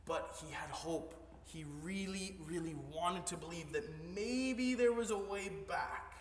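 A male pastor preaching a sermon, moving between hushed storytelling and rising, emphatic preaching. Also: high voice, unhurried, a little hiss or hum. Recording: echoey hall, voice heard from a distance.

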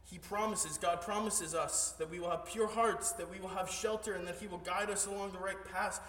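A man's voice: sits high, fairly even intonation, normal speed. Male pastor preaching in an echoey hall. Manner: swings from hushed storytelling to rising emphatic preaching. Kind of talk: sermon with storytelling. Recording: echoey hall, voice heard from a distance.

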